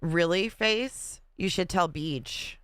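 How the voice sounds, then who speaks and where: Chatty host with a smooth, dry voice. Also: mid-range voice, takes it slowly, fairly bright tone, dry recording. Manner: chatty, laughs often, reads comments aloud. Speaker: livestream host. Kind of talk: casual livestream chat reading viewer comments.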